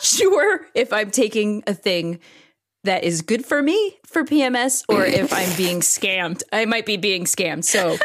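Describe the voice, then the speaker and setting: A woman in her forties co-hosting a casual chat podcast, telling stories in an animated way with frequent laughter. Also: lowish voice. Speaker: podcast co-host.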